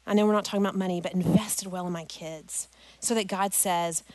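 A woman's voice: fairly low pitch, fairly quick, no echo. A middle-aged woman speaking to a parents' group, telling an emotional personal story and tying it to scripture. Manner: emotional, animated storytelling, addresses listeners as "guys".

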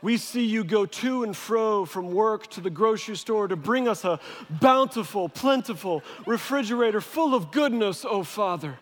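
A man's voice: sits high, animated, moderate pace, voice pushed up. A man voicing a small child who prays for milk in grand, overly formal words, dragging each phrase out. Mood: pompous. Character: small child praying in pompous flowery words. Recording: long reverb of a large hall.

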